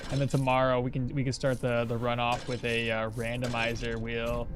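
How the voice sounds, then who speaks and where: A man's voice: mid-range voice, monotone, normal speed, a little hiss or hum. A man streaming a game live, chatting casually and answering his chat while he plays. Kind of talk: casual live gameplay commentary.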